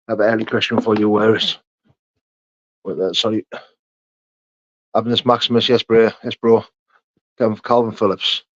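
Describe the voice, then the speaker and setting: This young host of a casual livestream greets chatters by name and responds to their questions with easy, matey chatter. His lowish voice carries no room sound, and the recording comes across muffled and dull.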